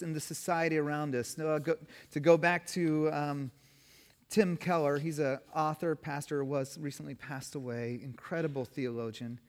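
A man's voice: a little high, fairly even intonation, moderate pace. A man preaching a sermon as pastor, with emphatic delivery that rises and falls in force. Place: church sanctuary. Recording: long reverb of a church hall.

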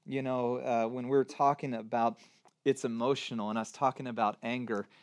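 Male pastor, 30s, casual conversational sermon with big loud-to-soft swings. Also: medium pitch, flat delivery, brisk, clear, resonant tone. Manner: conversational preaching with wide swings from loud to hushed.

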